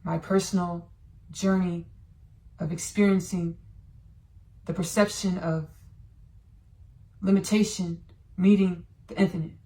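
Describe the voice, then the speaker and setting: A woman hosting a podcast, giving a channeled spiritual monologue and sharing personal thoughts in a slow, drawn-out, meditative way. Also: fairly low pitch, little pitch movement, mellow. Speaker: podcast host.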